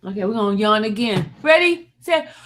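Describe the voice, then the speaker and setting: A woman chats loosely on her own livestream, talking to viewers by name and laughing between remarks. Her voice sits high and jumps around widely in pitch. Now and then she lets out long sighs and yawns. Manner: animated, joking, laughs often, talks to chat by name. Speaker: livestream host. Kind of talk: casual live-stream chat, reading viewer comments.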